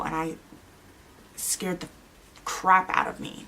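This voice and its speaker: A young adult woman telling a story to camera in a casual vlog, anxious and quick to quote her own reactions. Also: lowish voice, level tone, sharp tone, a little hiss or hum. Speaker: vlogger.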